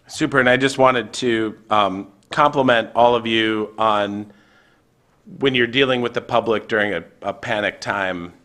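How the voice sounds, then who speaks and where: A man's voice: on the low side, measured pace, fairly bright tone. A man speaking as a county supervisor at a board meeting, earnest and hesitant, with fillers. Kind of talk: public meeting remarks.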